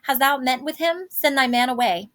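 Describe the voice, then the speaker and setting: A woman's voice: high-pitched, normal speed, fairly bright tone. An eager, pleading teenage girl full of impatience, read aloud by a woman. The verse comes out in a slightly raised voice. It is a plain classroom reading of a play.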